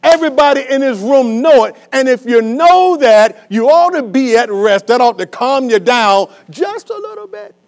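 A male pastor preaching a sermon to a congregation, animated and call-and-response, swinging between loud and soft. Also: extremely high pitch, normal speed, few pauses. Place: church hall with a congregation.

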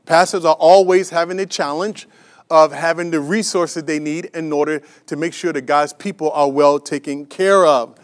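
A man with a notably high voice preaches to his congregation as their pastor. He is emphatic and repetitive, full of restarts and fillers, and keeps asking the church rhetorical questions. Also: steady tone, moderate pace. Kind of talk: sermon.

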